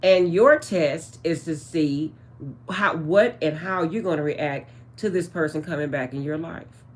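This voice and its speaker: A woman's voice: low-pitched, unhurried. A woman channeling spiritual messages in a casual vlog, talking straight to her viewers in a chatty way. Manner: chatty, addresses viewers as guys, trails off with um.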